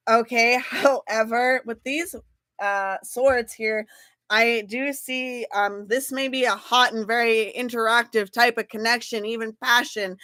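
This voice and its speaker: Bright, blunt-talking woman tarot reader. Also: fairly high pitch, no echo. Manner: chatty and blunt, checks in with "okay?" and "right?", swears freely. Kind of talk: casual tarot reading to camera.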